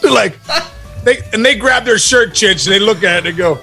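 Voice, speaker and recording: A high-voiced man spins a story as a podcast co-host and acts out each quoted voice with relish. He talks in a loose, casual way, and faint music sits underneath. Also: fairly quick, sharp tone. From Pittsburgh area, USA.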